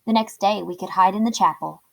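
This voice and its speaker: A woman reading a children's chapter book aloud in a clear, steady storytelling voice. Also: mid-range voice, a little fast, rough recording.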